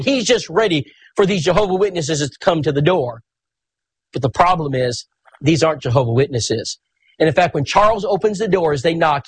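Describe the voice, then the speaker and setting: A man, preaching in a folksy, animated storytelling sermon. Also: a little high, moderate pace, breathy edge.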